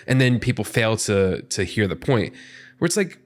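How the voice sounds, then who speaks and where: Animated, lively-pitched man on a podcast. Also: normal speed. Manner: animated, rambling, heavy use of "like"; earnest and frustrated. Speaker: podcast panelist. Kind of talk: casual podcast discussion.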